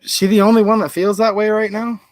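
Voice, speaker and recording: A man's voice: sits high, flat delivery, fast, no room sound. A man hosting a livestream, telling rambling stories and chatting with viewers. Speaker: channel host. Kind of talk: livestream commentary.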